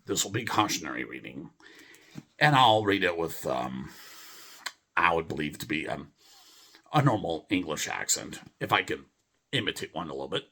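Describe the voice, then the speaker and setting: Slow husky man with low voice. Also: big pitch swings, fairly bright tone. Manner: rambling, full of fillers and restarts. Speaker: video host reading a poem. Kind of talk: rambling deadpan monologue.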